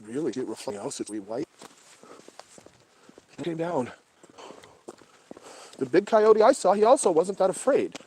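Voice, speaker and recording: Hushed, profane man. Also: on the high side, lively intonation, measured pace, pauses often, a little hiss or hum. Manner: profane, often hushed and whispering. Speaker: livestream host. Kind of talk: casual livestream commentary. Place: outdoors at night in brush by a creek.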